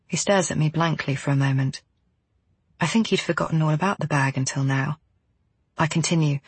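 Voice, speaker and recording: Husky woman narrating a novel. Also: sits low, fairly quick, pauses often, no echo. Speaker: audiobook narrator. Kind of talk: first-person novel narration.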